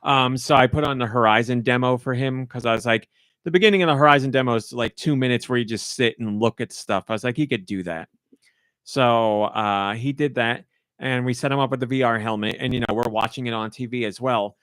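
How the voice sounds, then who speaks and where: A man's voice: medium pitch, brisk, a bit bright, clean tone, dry recording, clean studio sound. A man hosting a casual podcast, telling a family story animatedly and acting out quotes in a raised voice. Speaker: podcast host.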